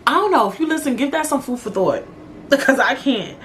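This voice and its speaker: A woman's voice: sits high, fairly quick, a little hiss or hum. Blunt, profane young woman podcaster. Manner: blunt, profane, animated, drawling slang. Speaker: podcast host. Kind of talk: casual solo podcast monologue.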